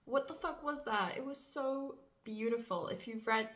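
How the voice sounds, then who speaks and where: A woman's voice: a little high, moderate pace, fairly bright tone, low-quality recording. Chatty young woman book vlogger. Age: young adult. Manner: chatty, rambling, heavy use of "like"; blunt, swears casually. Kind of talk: casual vlog chat to camera.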